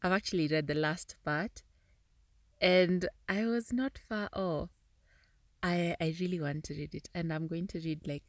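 A woman's voice: low-pitched, dry recording, studio quality. A woman hosting a casual podcast, reading a passage aloud and reacting with chatty asides and frequent laughter. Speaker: podcast host.

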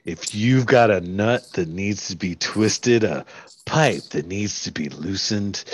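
A man playing a slow, grandiose traveler in a mock ad. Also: sits low, breathy edge, no room sound, heavily acted. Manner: theatrical, grandiose. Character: drawling male traveler in a mock ad.

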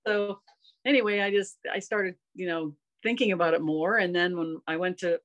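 Her voice is lowish and fairly bright, with fairly even intonation at a moderate pace. A golf coach in her fifties, she tells personal stories as a podcast guest, and her casual storytelling comes across as earnest, rambling and emotional.

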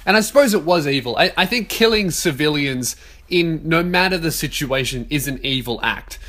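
A man in his twenties talks a bit higher than most men. He rambles through a solo podcast, swearing freely and laughing at his own jokes. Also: animated, moderate pace, fairly bright tone. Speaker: podcast host. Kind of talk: casual solo podcast rant.

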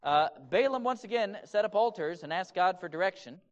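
A man's voice: sits high, expressive, a little fast. A man preaching a sermon in a conversational way, often asking rhetorical questions. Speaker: pastor. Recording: dull lo-fi recording.

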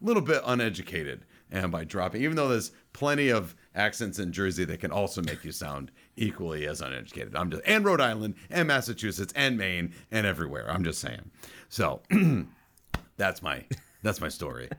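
A man's voice: low voice, very animated, normal speed, fairly bright tone. A man hosting a casual movie podcast, telling a rambling story with jokey asides. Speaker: podcast host. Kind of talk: casual chat.

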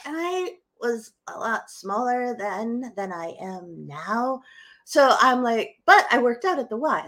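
Lively, bright-voiced woman spinning a dramatic tale. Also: a little high, unhurried. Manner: dramatic, animated storyteller. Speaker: podcast co-host. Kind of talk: live podcast storytelling.

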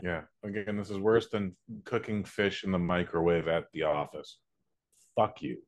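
A man's voice: low-pitched, steady tone, normal speed. A man co-hosting a casual podcast, ranting bluntly with plenty of swearing. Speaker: podcast co-host. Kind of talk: casual chat.

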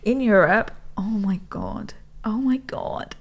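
A woman's voice: medium pitch, slow pace, a little hiss or hum. A woman co-hosting a casual podcast chat, candid and storytelling, with the odd swear. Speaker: podcast co-host.

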